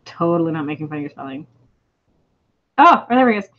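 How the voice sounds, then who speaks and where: A woman's voice: low-pitched, big pitch swings, quick pace. A young woman co-hosting a casual chat, giggling as she reads funny online posts aloud. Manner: giggly, chatty. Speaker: co-host. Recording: dull lo-fi sound.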